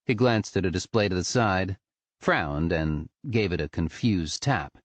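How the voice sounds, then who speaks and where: A man narrating an audiobook in an expressive, storytelling manner. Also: low voice, measured pace, dry recording. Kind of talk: scripted narration.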